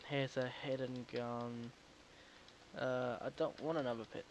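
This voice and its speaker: A man's voice: medium pitch, flat delivery, measured pace, slight background noise, low-quality recording. A man giving casual, jokey commentary while playing a video game at home, talking back to the characters and swearing now and then. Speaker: gaming video host. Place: home recording setup.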